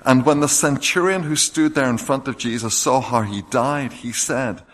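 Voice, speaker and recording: A man's voice: mid-range voice, normal speed, few pauses. A man preaching a sermon, reading scripture passages aloud with rising emphasis.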